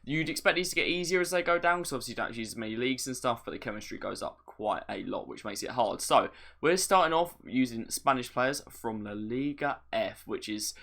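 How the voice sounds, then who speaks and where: A young gaming video creator gives a casual, chatty gameplay tutorial, walking through a video game step by step in plain terms with light self-deprecating asides. His medium-pitched voice is bright and forceful with vocal fry, and he talks a little fast.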